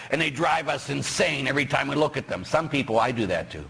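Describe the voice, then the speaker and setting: A middle-aged man from Pittsburgh, a parish priest preaching a sermon, animated and joking as he quizzes his congregation. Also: mid-range voice, fairly quick, creaky, slight background noise. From Pittsburgh, USA.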